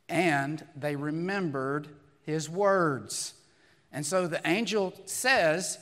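A man preaching a sermon to his church congregation. He is hoarse and raspy from losing his voice, talks conversationally, and asks many rhetorical questions. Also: a little high, unhurried, fairly bright tone, long reverb tail. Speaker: pastor. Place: church sanctuary.

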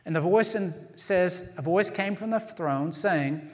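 A pastor with a high voice preaches a sermon earnestly and emphatically, slowing down to stress key phrases. The long reverb of a large hall fills the recording.

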